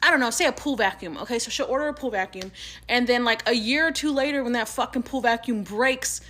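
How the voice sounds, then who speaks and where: A woman telling a casual storytime in a fast, profane, gossipy way. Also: fairly high pitch, a bit bright.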